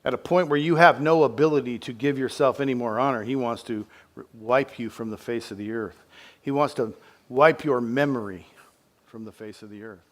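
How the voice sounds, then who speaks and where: A middle-aged man preaching a sermon as pastor, with emphatic repeated phrases, swinging from loud passion to hushed intensity. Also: mid-range voice, normal speed.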